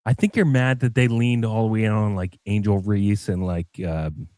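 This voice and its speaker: A man's voice: fairly low pitch, fairly even intonation, moderate pace, dark tone, no room sound, clean studio sound. A man co-hosting a casual podcast, teasing and joking, laughing often. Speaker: podcast co-host.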